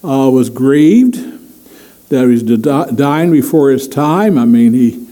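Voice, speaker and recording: A man's voice: medium pitch, animated, slow, warm tone, rough recording. A man preaching a conversational sermon as pastor, chatty with frequent chuckles and many fillers.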